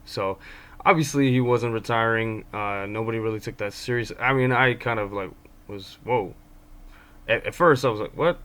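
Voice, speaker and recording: A man's voice: fairly low pitch, fairly quick, a bit bright, clear, resonant tone. A man giving casual basketball commentary as a fan of his team, rambling with many ums and restarts. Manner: fan talking about his own team.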